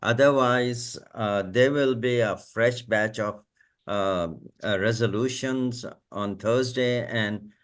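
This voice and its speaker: A man making remarks at a committee meeting, speaking hesitantly with many pauses and fillers. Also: medium pitch. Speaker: committee member.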